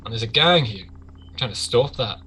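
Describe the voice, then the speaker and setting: A man voicing a blustering male gang boss who swings from shouting to mock politeness. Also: medium pitch, animated, normal speed, husky, exaggerated voice, low-quality recording. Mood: oily menace.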